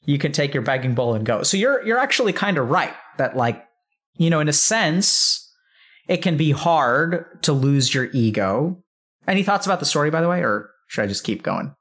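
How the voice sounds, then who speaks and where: A man's voice: a little high, moderate pace, slightly rough. A man hosting an interview, telling a story casually and acting out voices, swearing freely. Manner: animated, swearing, acts out voices in stories. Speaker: interview host.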